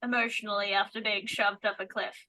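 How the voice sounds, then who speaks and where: Female tabletop player, bright and high, chatty, dry close mic. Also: little pitch movement, fairly quick, no room sound. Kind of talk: casual tabletop chat.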